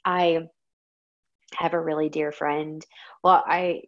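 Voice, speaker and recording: A woman's voice: sits low, little pitch movement, takes it slowly, dull audio. A woman hosting her own podcast, talking candidly and reflectively with frequent ums. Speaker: podcast host. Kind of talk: casual solo podcast talk.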